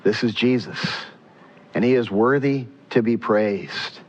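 A man preaching a sermon in an animated way, acting out voices and swinging from loud questions to hushed, tender lines. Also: medium pitch, measured pace, highs cut off, a little hiss or hum. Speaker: pastor.

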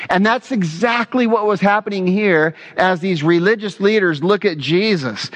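A man preaching a sermon as pastor, telling stories in an earnest, animated way with casual asides. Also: sits high, moderate pace, lo-fi sound.

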